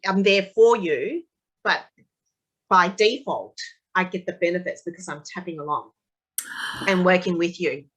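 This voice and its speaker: A woman speaks as a guest in a relaxed conversation, her voice bright and forceful. She tells stories with animation, slipping into quoted voices now and then. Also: lowish voice, a little slow, pauses often, breathy edge, low-quality recording. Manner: animated storyteller, acts out quotes of her son. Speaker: EFT tapping practitioner, guest. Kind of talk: casual conversational interview.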